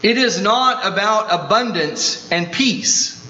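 A male pastor preaching a sermon, slow and emphatic, dwelling on repeated phrases. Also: high voice, lively intonation, sharp tone. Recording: roomy, dull sound with mains hum.

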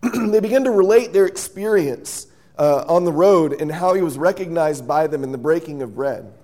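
A man's voice: fairly high pitch, moderate pace. A man preaching a sermon, telling the story vividly, acting out the scenes and quizzing his listeners. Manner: lively storyteller, acts out scenes and quizzes the audience. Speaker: pastor.

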